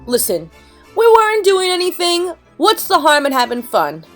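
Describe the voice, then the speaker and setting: A woman's voice: very high-pitched, huge pitch swings, moderate pace, faint music behind, pitched above the performer's own voice, heavily acted. A woman voicing a carefree father defending his choice to bring the family. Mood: defensive. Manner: defensive, easygoing. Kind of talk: toy play story voicing.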